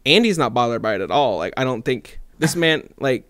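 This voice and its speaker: Tell it like you're catching your friend up on a wild party: casual, animated, jump into the other people's voices, laugh through it, close to a dry mic, middle pitch. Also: male voice, moderate pace, hardly any pauses, no echo. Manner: animated, acts out quoted voices, laughs often. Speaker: podcast co-host. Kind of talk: casual storytelling chat.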